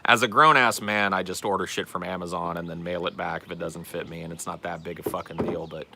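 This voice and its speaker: A man's voice: low voice, steady tone, fast, vocal fry, pushed and bright. A man hosting a casual show, reading out viewer questions and answering them in a blunt, profane, self-deprecating way. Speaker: podcast host answering chat questions. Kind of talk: casual chat.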